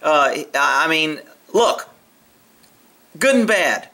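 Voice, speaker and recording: Brief: male video commentator, high and bright, blunt and profane, casual opinionated delivery. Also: expressive, takes it slowly. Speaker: video commentator on horse training.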